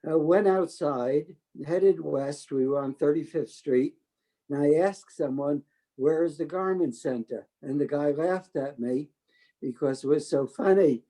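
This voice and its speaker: Older New storyteller, talkative, mellow tone, slightly high. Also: male voice, measured pace, rough recording. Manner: talkative, animated quoting of others. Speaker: interviewee telling his life story. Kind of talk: storytelling oral history.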